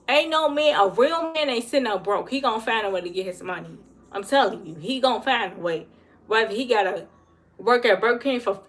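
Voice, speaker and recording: A woman's voice: fairly high pitch, fairly bright tone. A woman giving blunt, emphatic advice to her viewers on a casual livestream and answering the chat. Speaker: livestream host.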